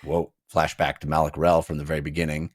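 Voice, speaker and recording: A man's voice: very deep voice, fast talker, dry recording, studio quality. A man hosting a book podcast, talking casually and playfully acting out scenes from the novel. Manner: animated, acts out characters in funny voices.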